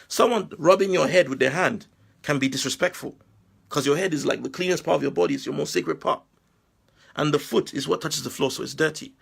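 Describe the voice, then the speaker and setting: A Nigerian man giving a forceful, preachy monologue full of rhetorical questions. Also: fairly high pitch, a little fast, vocal fry, slightly rough. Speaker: Muslim commentator. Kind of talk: impassioned video monologue.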